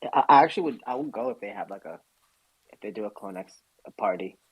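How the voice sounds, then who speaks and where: A man's voice: lowish voice, animated, fast, husky, dry recording, dull audio. A man chatting casually on a live audio call, laid-back and slangy, stumbling over his words. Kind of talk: casual chat.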